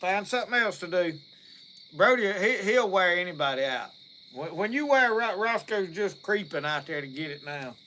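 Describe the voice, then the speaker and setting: A man's voice: sits high, expressive, moderate pace, bright, forceful tone, a little hiss or hum. A man with a Mississippi Southern accent, hosting a live stream and chatting in a folksy, rambling way as he reads out viewer comments. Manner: folksy, rambling, laughs easily. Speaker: livestream host.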